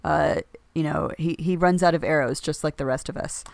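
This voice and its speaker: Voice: mid-range voice, fairly quick, gravelly, no room sound. A podcast co-host talking casually about a book, rambling with lots of fillers and restarts.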